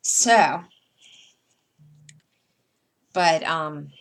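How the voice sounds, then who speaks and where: A woman's voice: sits low, extremely slow. A middle-aged woman with a Southern American accent, chatting casually in a rambling way while she sorts her embroidery floss for a crafting vlog. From United States. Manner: rambling, chatty, often trailing off with fillers. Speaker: cross-stitch vlogger.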